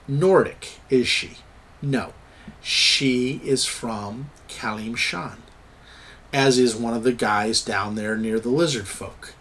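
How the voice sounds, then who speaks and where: A man's voice: mid-range voice, a bit bright. Chatty man giving game master tips. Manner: chatty, thinks aloud, trails off searching for words. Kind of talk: casual tips talk over game maps.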